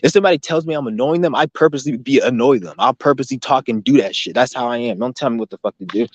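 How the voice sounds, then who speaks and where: Stream host, male, rapid-fire rambling rant, foul-mouthed and combative, dry dull lo-fi sound. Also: mid-range voice, no echo. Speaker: livestream host. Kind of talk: ranting livestream monologue. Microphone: laptop or computer mic, no headphones.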